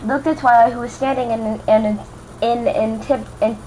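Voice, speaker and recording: A woman's voice: a little high, steady tone, a little fast, darkish tone, slight background noise, rough recording. A young woman from Louisiana casually reading fan fiction aloud, stumbling, rereading words and adding chatty asides. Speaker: amateur reader.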